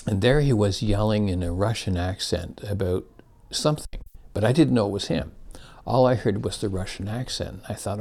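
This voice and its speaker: A man's voice: lowish voice, normal speed, hardly any pauses, darkish tone. An older man casually reminiscing about his school days, rambling and correcting himself as he goes. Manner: rambling, self-correcting, chuckling. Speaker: storyteller.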